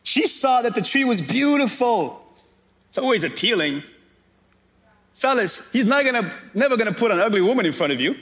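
High-voiced man preaching a sermon. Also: very animated, moderate pace, a bit bright. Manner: preaching, addressing the congregation directly. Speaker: pastor.

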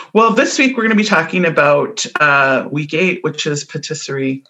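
A Midwestern woman chatting as a podcast co-host, with a bright, clear tone. She talks easily and explains things as she goes, and she often breaks into a laugh. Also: sits low, normal speed. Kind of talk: casual chat.

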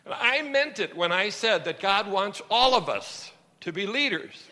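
Man preaching a sermon, lively and expressive, big hall echo. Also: high-pitched, a little slow. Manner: animated storytelling preacher. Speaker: pastor.

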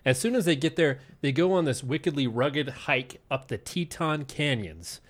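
This is a man from Utah with an average-pitched voice, hosting a podcast and narrating a story in relaxed, conversational terms. He is profane and playful, and he stretches out the suspense. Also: normal speed. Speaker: podcast host.

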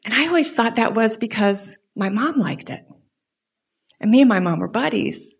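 A middle-aged woman giving a church message as guest speaker, telling a personal story with animated delivery that dips into soft whispers. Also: on the high side, normal speed, gravelly, slightly rough.

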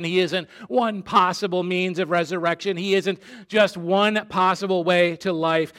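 A man preaching a sermon, slow and emphatic, dropping soft and low on key phrases. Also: clear, resonant tone. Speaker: pastor.

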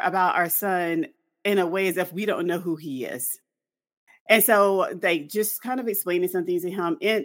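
A woman co-hosting a podcast, telling a story in casual chat with lots of fillers. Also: fairly low pitch. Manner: animated storytelling with many fillers. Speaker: podcast co-host.

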